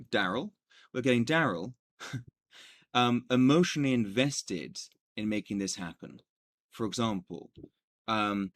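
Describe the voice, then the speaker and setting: A man teaching a coaching lesson in an energetic, animated way, with joking asides. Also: lowish voice. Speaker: business coach.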